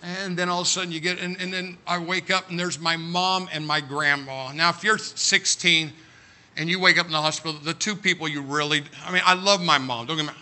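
Male preacher, high sharp voice, comic animated storyteller who breaks into shouts. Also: fairly quick. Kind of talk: humorous storytelling sermon.

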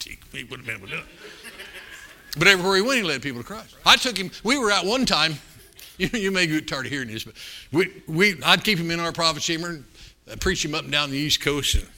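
An older man preaching a sermon, telling stories in a folksy, animated way with sudden loud bursts. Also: on the high side. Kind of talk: storytelling sermon.

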